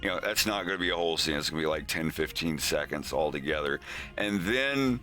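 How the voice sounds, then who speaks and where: A man's voice: a bass voice, expressive, fairly quick, pushed and bright, soft background music. A man hosting a casual animation progress stream, rambling with many restarts and casual swearing. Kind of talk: casual live-stream chat.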